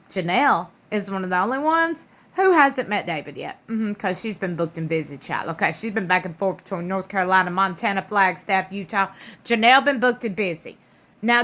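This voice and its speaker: A woman's voice: on the high side, pushed and bright. A woman, casually recapping a reality show in a sassy, gossipy way full of slang and playful impressions.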